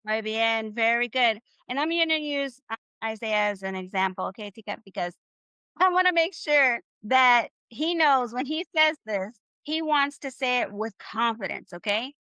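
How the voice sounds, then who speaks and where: Upbeat high-voiced teacher, bright tone. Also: female voice, expressive, clean tone, no room sound. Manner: upbeat, encouraging, drills phrases slowly. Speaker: Spanish teacher. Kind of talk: live online class.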